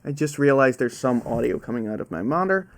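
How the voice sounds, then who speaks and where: A man's voice: mid-range voice, animated, quick pace. Man, quizmaster, casual, self-deprecating, repeats questions, struggles with "ow" sounds, webcam at home. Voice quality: trouble saying "ow" sounds. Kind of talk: hosting a live online trivia quiz.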